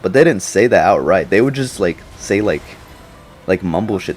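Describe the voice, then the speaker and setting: A man's voice: on the low side, sing-song, normal speed, a little mellow, a little hiss or hum. A young man giving a casual, slangy movie reaction, rambling and laughing often. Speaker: YouTuber.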